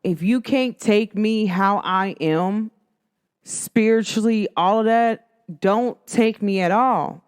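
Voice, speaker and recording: A woman, telling a rambling personal story in casual chat, full of fillers and jumping high when she quotes people. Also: slow pace, clean tone. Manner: chatty, rambling, lots of "like" fillers; animated, swoops high when quoting others.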